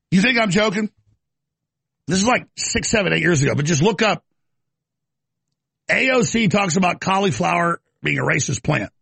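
Gravelly, high-voiced ranting male host. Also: pushed and bright, no room sound. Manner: mocking, sarcastic rant. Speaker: commentary show host. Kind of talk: ranting political commentary.

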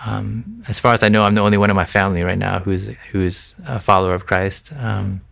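A man's voice: fairly low pitch, fairly even intonation, fairly quick, vocal fry, a bit bright. A man giving an earnest, conversational faith testimony in an interview, talking with frequent restarts and "you know". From Thai family background. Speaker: interview guest sharing his faith testimony.

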